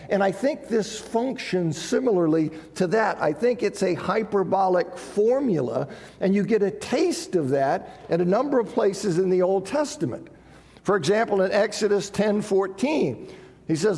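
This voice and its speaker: Male Bible teacher, high and gravelly, chatty and emphatic, recorded in a reverberant church hall. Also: expressive, normal speed, a little mellow. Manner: conversational, checks in with 'okay', reads scripture quotes with rising emphasis. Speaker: preacher teaching a Bible class. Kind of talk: sermon-style Bible teaching.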